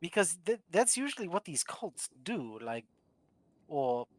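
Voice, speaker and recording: A woman's voice: fairly low pitch, big pitch swings, unhurried, dry recording. A woman chatting in character as a doctor in a roleplay game, rambling with fillers and laughing often. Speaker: roleplay streamer playing a doctor.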